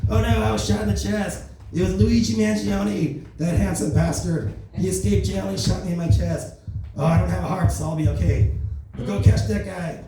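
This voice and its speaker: A man's voice: sits high, moderate pace, gravelly, recorded from a distance, background noise, voice pushed up. A man putting on a boastful, rambling impression of an older male president during a stand-up set in a comedy club. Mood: mocking. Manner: brash, bragging, rambling. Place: comedy club open mic. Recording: echoey club recorded from afar.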